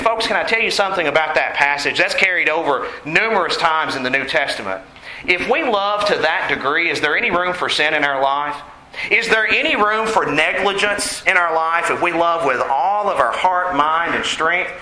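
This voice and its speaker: A man's voice: on the high side, lively intonation, moderate pace, bright, forceful tone. A man preaching a sermon in an earnest way, asking the congregation questions. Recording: echoey room with faint noise.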